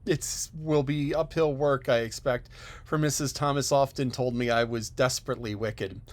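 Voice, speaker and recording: A man's voice: medium pitch, steady tone, normal speed, natural voice. A man reading an audiobook, voicing an eager, talkative orphan girl who pleads breathlessly and wistfully. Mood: imploring, tearful. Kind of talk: audiobook character voice.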